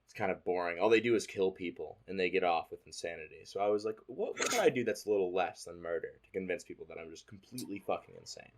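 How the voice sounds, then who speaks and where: A young adult man hosting a casual podcast chat, joking loudly and breaking into laughter. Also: low voice, quick pace, hardly any pauses. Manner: loud, joking, laughing outbursts. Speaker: host.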